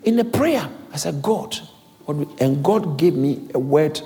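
High lively preaching man. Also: slow pace. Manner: lively preaching with repetitions and call-and-response. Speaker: pastor. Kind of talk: sermon. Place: large hall. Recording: echoey hall.

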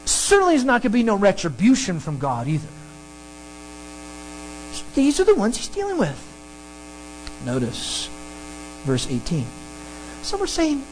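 Pastor, sermon, emphatic delivery, very lively pitch, faint hum behind. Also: measured pace, long pauses, low-quality recording. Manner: animated, emphatic preaching with sudden pitch jumps. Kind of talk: sermon teaching through a Bible passage.

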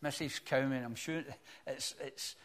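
An older man preaching a sermon as pastor, earnest, swelling to emphatic peaks, then dropping soft and slow. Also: medium pitch, fairly even intonation.

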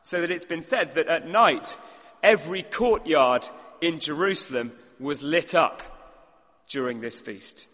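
A man preaching a sermon with emphasis, asking the congregation rhetorical questions and clearing his throat now and then. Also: a little high, measured pace, pushed and bright. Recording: long reverb of a large hall.

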